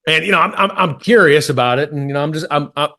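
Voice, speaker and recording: Profane stammering Texan podcast host. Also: male voice, on the high side, fast talker, bright, forceful tone. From Texas. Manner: profane, rambling, stammering restarts. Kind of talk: casual storytelling chat.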